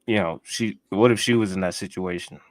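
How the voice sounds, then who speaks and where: A man's voice: deep voice, fairly quick, no room sound. A man co-hosting a casual talk show, blunt and slangy, laughing as he talks.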